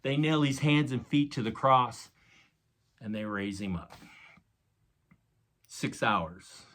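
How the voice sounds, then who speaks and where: A man's voice: medium pitch, fairly bright tone. A man preaching a sermon, retelling a story dramatically with casual asides to his listeners. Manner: dramatic retelling with acted quotes and sound effects; casual, addresses listeners as guys. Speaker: pastor.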